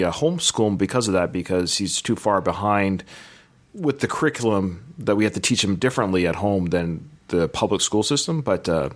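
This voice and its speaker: A man in his thirties hosting a podcast interview, chatty and enthusiastic, rambling with restarts. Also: lowish voice. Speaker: podcast host. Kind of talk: casual interview chat.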